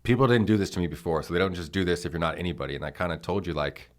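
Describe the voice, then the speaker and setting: A man in his thirties hosting a podcast interview, telling stories in a blunt, profane way. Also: sits low. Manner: blunt, profane, rapid storytelling. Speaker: podcast host.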